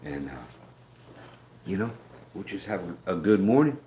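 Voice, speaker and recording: Speaking at a normal pace in a low, mellow, very animated voice, this middle-aged American man runs a casual morning live stream, folksy and rambling, welcoming viewers by name. He films outdoors on a gimbal-mounted handheld camera, and a slight hiss or hum runs beneath the audio.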